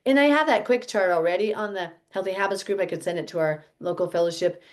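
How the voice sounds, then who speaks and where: Woman host, low-ish voice, rambling teaching chat, keeps correcting herself. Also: fast. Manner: rambling, self-correcting, chatty. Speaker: health teacher leading a fellowship group.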